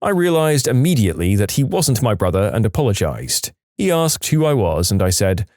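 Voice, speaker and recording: A man telling submitted stories in a relaxed, conversational way, his pitch moving a lot from line to line. The sound is dry and close to the mic. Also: normal speed, hardly any pauses, dry recording. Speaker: story narrator. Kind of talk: storytelling narration of submitted stories.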